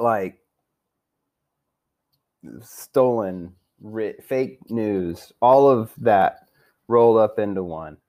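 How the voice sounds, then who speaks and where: Young man, profane rant, crude trash talk, swinging lively pitch, casual. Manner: crude, trash-talking, rambling, swears constantly. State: drinking. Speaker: fantasy football league member recapping the season.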